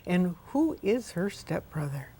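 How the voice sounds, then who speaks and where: A woman's voice: lowish voice, sing-song, unhurried, warm tone, breathy edge. A middle-aged woman hosting a casual book discussion, chatty and asking her guest questions. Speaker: host.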